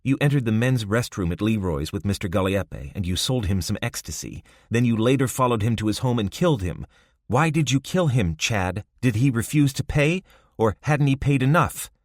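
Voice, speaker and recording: A man's voice: medium pitch, lively intonation, moderate pace, no room sound, clean studio sound, voice pushed up, natural voice. A man voicing a blunt, impatient female police detective in an audiobook, questioning firmly. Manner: firm, clipped questioning. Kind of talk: audiobook character voice.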